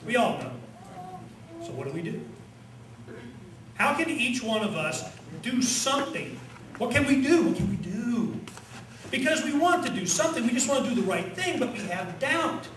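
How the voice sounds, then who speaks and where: Animated man at a rally. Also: very high-pitched, moderate pace, pauses often, slight background noise. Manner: animated, rhetorical questions, chanting. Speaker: conference speaker. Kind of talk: rally speech. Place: conference hall with audience. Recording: echoey hall, distant mic, crowd.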